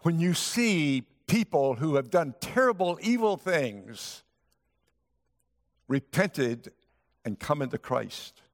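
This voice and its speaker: A man preaching in a lively, high-pitched voice that swoops up and down as he tells the story. His voice rings through a large sanctuary, trailing a long echo. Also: takes it slowly. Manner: storytelling preacher acting out the characters' lines. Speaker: guest pastor. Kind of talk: sermon. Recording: long hall reverb.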